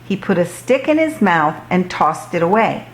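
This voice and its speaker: A woman reading a children's book aloud in a slow, expressive storytelling voice. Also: fairly low pitch, slight background noise.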